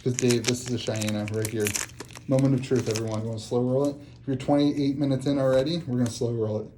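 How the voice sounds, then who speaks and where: A man hosting a card-opening vlog at his kitchen table, excitable and laughing as he talks. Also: medium pitch, fast, background noise. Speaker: card channel host. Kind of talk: casual box-opening vlog.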